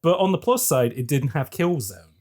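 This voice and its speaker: Lively, animated man on a podcast. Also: normal speed. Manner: animated, laughs often, jumps between high and low. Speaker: podcast co-host. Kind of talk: casual chat. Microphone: remote call mic.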